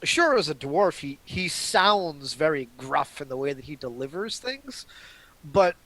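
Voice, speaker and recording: A man running a tabletop role-playing game, narrating in a relaxed, halting way with frequent pauses and restarts. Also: fairly high pitch, low-quality recording. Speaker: game master.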